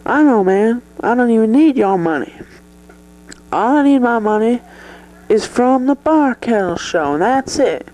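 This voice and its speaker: A brash, high-voiced male movie star, put on by a performer in a comedy sketch. He swears at every turn, drops "man" into every sentence and drawls along slowly. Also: lively intonation, a little mellow, natural voice, poor audio. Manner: swears constantly and keeps saying "man". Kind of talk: improvised comedy sketch interview.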